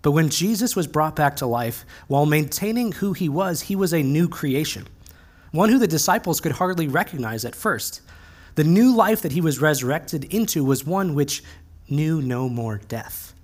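A male pastor giving a conversational, earnest sermon, slowing down to stress key phrases. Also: fairly high pitch, expressive.

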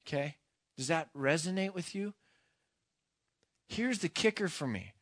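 Earnest man preaching, hushed to impassioned. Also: a little high, lively intonation, a little slow, dry recording, studio quality. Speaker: pastor. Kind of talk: sermon.

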